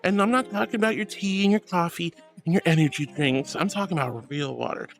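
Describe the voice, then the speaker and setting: A man's voice: on the high side, brisk, creaky, faint music behind. A man streaming live, chatting with viewers and reading their messages aloud. He talks in a gushing, affectionate way, laughs often and calls people sweetie and honey. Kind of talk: livestream chat, reading chat.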